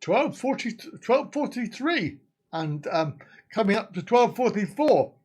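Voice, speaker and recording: A man's voice: high-pitched, sing-song, unhurried, a little mellow, slightly rough. A man hosting a casual live stream, chatting and laughing as he answers viewer comments.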